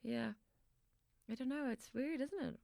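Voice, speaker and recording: A woman's voice: high-pitched, a little slow, creaky, a little mellow, no echo, clean studio sound. A woman guesting on a podcast, chatting casually with frequent laughs and stop-start, self-interrupting sentences. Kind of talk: casual chat.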